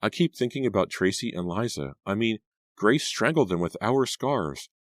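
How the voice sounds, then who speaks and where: Man putting on a scared teen girl, high strained voice, near tears, storybook, dry close sound. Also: expressive, normal speed, dry recording. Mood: uneasy. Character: frightened teenage girl model. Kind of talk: audiobook character voice.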